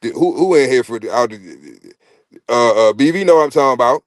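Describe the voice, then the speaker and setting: A man, hosting a podcast in a casual, profane rant. He is animated, repeats himself and stumbles over words. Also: medium pitch, fairly quick, no room sound, clean studio sound. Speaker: podcast host. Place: podcast studio.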